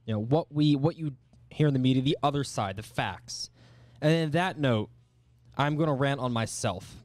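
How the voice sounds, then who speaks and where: A man's voice: mid-range voice, moderate pace, darkish tone, dry recording. Earnest male sports podcast co-host. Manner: earnest, lists stats, self-correcting. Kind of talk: casual sports chat and rants.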